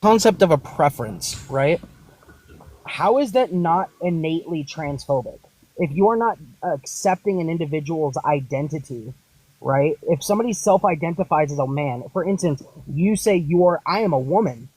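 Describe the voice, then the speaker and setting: Guy hosting a debate, kinda high voice, keeps firing rhetorical questions. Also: lively intonation, moderate pace, darkish tone, poor audio. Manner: pressing, asks pointed rhetorical questions. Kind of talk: heated online debate.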